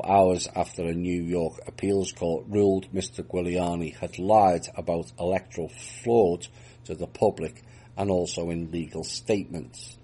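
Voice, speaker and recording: A man's voice: low voice, warm tone. A man reading out news reports and adding dry, mocking remarks of his own between the items. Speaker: news commentator.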